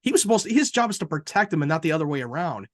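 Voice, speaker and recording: A man co-hosting a casual review podcast, excitable, swearing freely and tripping over his words. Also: on the high side, rapid-fire, no echo, studio quality. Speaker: podcast co-host.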